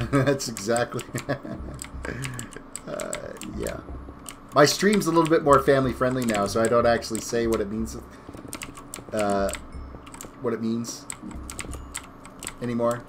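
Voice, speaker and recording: A man's voice: medium pitch, big pitch swings, a little slow, long pauses, background noise. A middle-aged man chatting casually on a live game stream, rambling while he reads chat aloud. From Canada. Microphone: desk mic beside him. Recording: music playing behind the voice. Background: music and keyboard typing.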